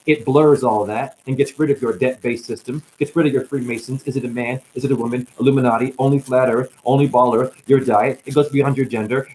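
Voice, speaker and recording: A man's voice: medium pitch, darkish tone, a little hiss or hum, poor audio. A man on a livestream delivering a rambling, rhyming spiritual monologue with bursts of whoops, sounding tired and drained. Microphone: static-laden livestream mic.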